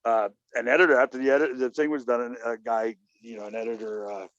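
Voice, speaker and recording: A man's voice: mid-range voice, level tone, quick pace, fairly bright tone, no echo. A man in mid-range voice spins a meandering personal story, leaning on "you know" and slipping into the voices of the people he quotes. The recording is dull and lo-fi, with a dry, close sound. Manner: rambling, many "you know" fillers, acts out quoted dialogue. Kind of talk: casual conversational storytelling.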